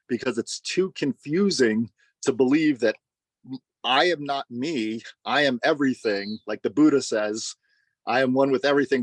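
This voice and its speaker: A man in a casual online study group, talking expansively in a philosophical, musing way. His voice sits at a middle pitch. The recording is close and dry over a video call. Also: no room sound.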